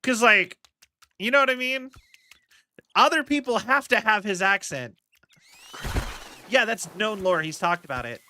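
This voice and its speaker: A man's voice: sits high, a little slow, pauses often, pushed and bright, slight background noise. A young man streaming a game, chatting casually in rambling tangents and swearing at his mistakes from his home setup.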